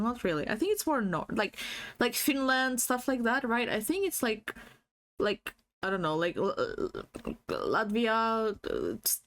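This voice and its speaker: High-voiced rambling woman streamer. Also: fairly bright tone. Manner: rambling, giggly, swears freely; many fillers and restarts. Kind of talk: casual livestream chat. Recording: faulty stream audio.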